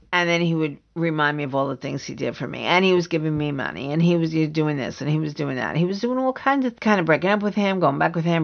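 A woman's voice: low voice, gravelly, fairly bright tone, dull audio. A middle-aged woman hosting a podcast, telling her own painful story candidly in long run-on sentences, from the northeastern United States. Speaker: podcast host. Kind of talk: personal storytelling.

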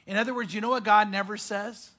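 A man preaching a sermon as pastor, emphatic, with repeated phrases and dramatic pauses. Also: high-pitched, fairly even intonation, pushed and bright.

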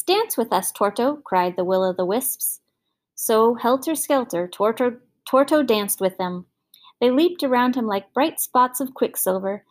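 A woman's voice: medium pitch, darkish tone. Woman reading a fairy tale aloud. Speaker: storyteller. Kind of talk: scripted storybook narration.

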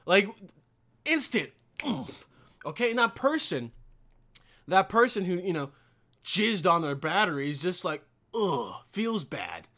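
A man's voice: high-pitched, very animated, measured pace, long pauses, bright, forceful tone. A man hosting his own podcast, rambling through a casual, profanity-heavy solo rant with lots of emphasis. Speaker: podcast host.

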